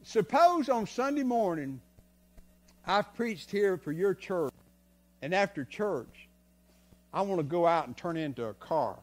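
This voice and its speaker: An older man preaches from the pulpit in a folksy, story-driven way. His voice sits high for a man and swings from quiet, confiding asides to loud bursts. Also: expressive, a little slow, long pauses. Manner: folksy, tells stories, swings from soft to loud. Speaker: guest preacher. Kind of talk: sermon. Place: church sanctuary.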